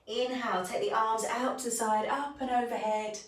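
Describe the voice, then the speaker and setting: A woman teaching a bedtime yoga class, calmly cueing each breath and movement. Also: a little high, normal speed. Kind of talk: guided yoga instruction. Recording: echoey room, voice from a distance.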